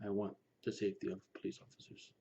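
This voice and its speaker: A man speaking earnestly to his listeners, pressing his points and sometimes dropping to a hushed near-whisper. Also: lowish voice, completely flat delivery, fast talker, vocal fry. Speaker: Lukumi practitioner speaking to his channel. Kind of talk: personal commentary to camera. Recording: slightly dull recording with faint background noise.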